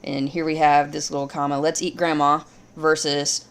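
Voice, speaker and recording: Woman, low gravelly voice, patient grammar teacher walking through examples. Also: moderate pace. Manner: steady, explains step by step. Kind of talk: grammar lesson.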